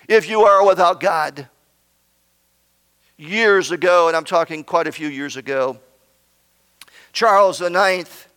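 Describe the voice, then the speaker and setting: A male pastor with a high voice delivers a slow, deliberate sermon. He preaches with swings from ringing emphasis to quiet, hushed asides. The sound carries a long reverb, as if recorded in a large church sanctuary. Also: clean tone. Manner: preachy, rising to emphatic shouts then dropping to near whispers.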